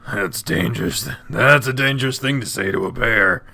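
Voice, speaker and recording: A man voicing a big, affectionate, lazy male bear in a game, speaking gently and teasingly. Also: medium pitch, moderate pace, gravelly, faint music behind, exaggerated voice. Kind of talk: voiced game dialogue.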